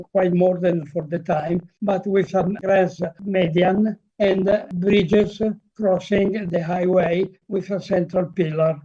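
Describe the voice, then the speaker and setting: An older man with a heavy Italian accent, giving a lecture over slides on a video call, halting and full of fillers. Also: high-pitched, dark tone. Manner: halting, with frequent fillers and restarts. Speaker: guest presenter, motor historian. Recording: muffled video call audio.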